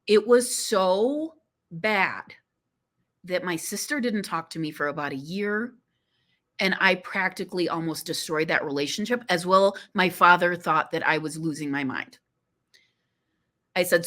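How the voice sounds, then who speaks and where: A woman tells a personal story as a podcast guest. Her voice is somewhat low, with a bright, forceful tone. She speaks animatedly and emotionally, and peppers her talk with "you know". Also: unhurried.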